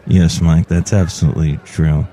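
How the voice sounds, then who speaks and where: A man voicing a self-important male engineer who lectures in a deep, robust voice. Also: level tone, moderate pace, warm tone. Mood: pompous. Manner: pompous, lecturing.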